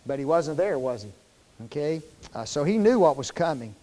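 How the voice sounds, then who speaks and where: A man with a high voice preaches a sermon, chatty and folksy, quizzing his congregation as he goes. His voice carries a long reverb from the church hall. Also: expressive, normal speed, mellow. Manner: conversational, quizzes the congregation with fill-in questions; folksy, informal wording. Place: church sanctuary.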